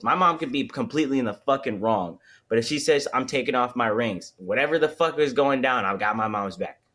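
A young man in his twenties co-hosting a casual podcast chat. He rants loosely, packing his talk with swearing and street slang, in a voice of everyday pitch. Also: fairly bright tone. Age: 20s. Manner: loose, profane ranting with slang. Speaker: podcast co-host.

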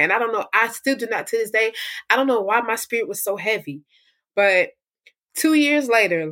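A woman's voice: medium pitch, a bit bright. A young woman giving a candid, emotional personal testimony as a guest in a conversational interview.

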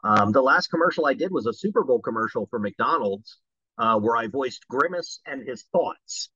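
A man, a voice actor guest, chatting on a podcast and telling animated stories. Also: medium pitch, normal speed, breathy edge, lo-fi sound. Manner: animated storyteller who slips into voices. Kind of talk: casual podcast chat.

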